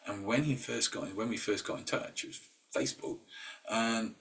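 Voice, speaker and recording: Husky low-voiced man talking from a distance. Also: normal speed, fairly bright tone. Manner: conversational, with filler words and restarts; acts out inner voices in quoted asides. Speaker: mindset workshop leader. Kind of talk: informal talk.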